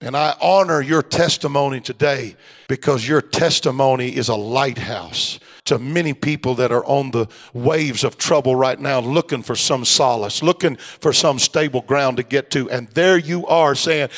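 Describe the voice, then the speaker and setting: A middle-aged pastor preaches a fervent Pentecostal sermon in a church sanctuary at normal speed. His voice swells louder and higher in exhortation, then drops to soft asides, all carried by the hall's long reverb.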